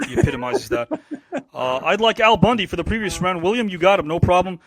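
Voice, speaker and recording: A man with a high-pitched, expressive, somewhat bright voice hosts a casual online show. Quick and teasing, he ribs his guests, reads out viewer comments, and keeps up quiz-style banter.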